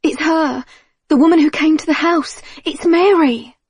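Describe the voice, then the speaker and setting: A woman voicing a frightened teenage girl, shouting high and frantic. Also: lively intonation, normal speed, no room sound, studio quality. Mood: urgent.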